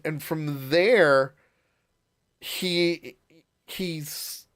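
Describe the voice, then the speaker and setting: A man co-hosting a casual podcast, talking through an episode with many restarts, repeated words and easy laughter. His voice sits a little higher than most men's. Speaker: podcast co-host. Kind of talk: casual chat recapping a show.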